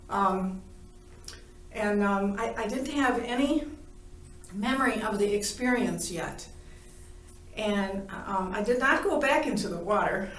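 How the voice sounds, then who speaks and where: A woman's voice: medium pitch, fairly bright tone. A woman telling her near-death story in a playful way, laughing often and acting out the conversations. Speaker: near-death experience witness. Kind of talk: animated personal storytelling. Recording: roomy, from a distance.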